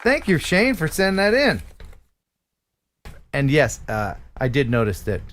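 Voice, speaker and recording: Brief: American man hosting a home live stream, animated banter, slightly high voice. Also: unhurried, slight background noise. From United States. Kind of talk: casual chat.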